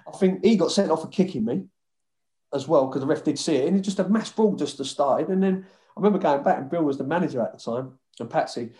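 A man's voice: on the high side, fast talker, echoey room. A man telling football stories casually, laughing and swearing as he goes. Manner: laughing, swearing, lively storytelling. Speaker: former footballer.

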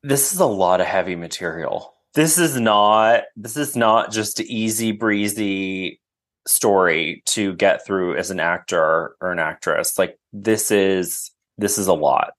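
A man's voice: deep voice, unhurried, fairly bright tone. A man as a podcast guest, chatting casually and enthusiastically with lots of fillers. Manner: enthusiastic, gushing, filler-heavy.

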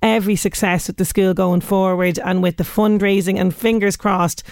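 A woman's voice: mid-range voice, steady tone, moderate pace, gravelly, darkish tone, no echo, clean studio sound. An Irish woman presenting local radio, chatty and enthusiastic as she links items and interviews a guest. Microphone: studio microphone.

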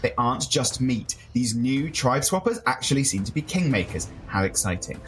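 Animated man. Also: mid-range voice, normal speed, soft background music. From France. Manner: animated, joking. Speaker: podcast co-host. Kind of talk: casual podcast chat and recap.

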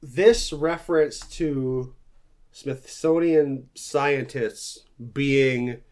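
A man co-hosting a podcast, telling folklore tales in a chatty, casual way with rambling tangents. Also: medium pitch. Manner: chatty, half-remembered tangents. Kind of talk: casual storytelling from notes.

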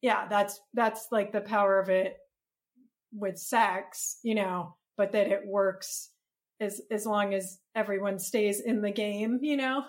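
A woman's voice: mid-range voice, steady tone, slow. A woman guest on a podcast, talking in a thoughtful, searching way with frequent restarts. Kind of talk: podcast conversation.

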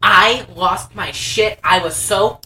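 A woman co-hosting a casual movie recap podcast, telling the plot in an animated, profane way with lots of laughing. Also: mid-range voice, takes it slowly, distant mic, rough recording. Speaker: podcast co-host.

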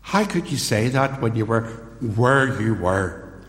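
A man preaching a sermon, telling the story slowly and acting out the quoted voices. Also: on the low side. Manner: slow, deliberate storytelling with acted-out quotes. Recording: roomy hall with long reverb.

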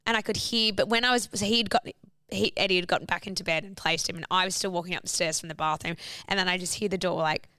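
Chatty young woman, smooth voice. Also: fairly low pitch, fairly even intonation, quick pace, pushed and bright, no echo, studio quality. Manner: chatty storyteller, swearing, lots of "like". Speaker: podcast co-host. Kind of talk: casual chat.

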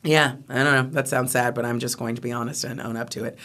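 A woman's voice: very deep voice, fairly even intonation, quick pace, a bit bright. An American woman, a comedian, chatting candidly as an interview guest, rambling with fillers and restarts. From United States. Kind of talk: casual conversation.

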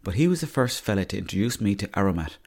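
This young Irish podcast host speaks rapid-fire in a fairly low, very animated voice. His storytelling is rambling and comic, peppered freely with swearing.

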